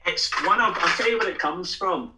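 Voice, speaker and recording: A Scottish man, a band member and guest, telling lively anecdotes in a casual chat and acting out what people said. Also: high voice, fairly quick, very noisy. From Scotland. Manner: animated storyteller, acts out quotes.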